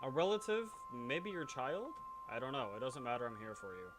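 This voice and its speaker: Over loud music, a man with a mid-range, sing-song voice hosts a let's play at a slightly fast pace. He rambles, pokes fun at himself, and reacts aloud to the game.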